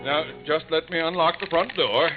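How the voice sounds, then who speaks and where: An actor playing a blustering, self-important middle-aged bank clerk turned farmer in a 1950s radio comedy. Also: male voice, on the high side, moderate pace, over loud music, natural voice. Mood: coaxing. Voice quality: pompous, blustery. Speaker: lead character. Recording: scratchy old broadcast recording, tinny and hissy.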